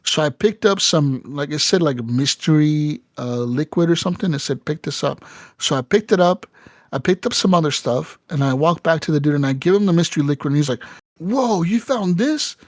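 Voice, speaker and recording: Profane, animated male podcast storyteller. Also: fairly high pitch, brisk, no echo. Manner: animated storytelling with profanity, acting out game characters. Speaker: podcast co-host. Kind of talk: casual podcast chat.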